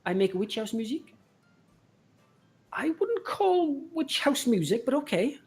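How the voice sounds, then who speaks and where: A woman's voice: on the high side, big pitch swings, measured pace, a little mellow, faint music behind, voice pushed up. A woman voicing a pompous young male barista and aspiring musician who speaks with grand, theatrical politeness.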